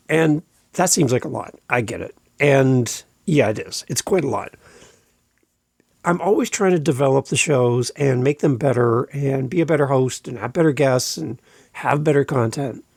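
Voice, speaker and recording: A man's voice: on the high side, vocal fry, a little mellow, breathy edge, no echo, studio quality. A man hosting his own podcast, talking casually and earnestly, encouraging listeners and often repeating himself. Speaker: podcast host. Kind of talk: casual solo podcast talk.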